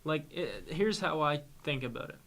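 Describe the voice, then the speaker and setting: A man's voice: on the high side, sing-song, moderate pace, fairly bright tone, slight background noise. A young man co-hosting a podcast, chatting casually with strong opinions, swearing freely and often repeating words as he talks. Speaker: podcast co-host. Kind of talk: casual chat.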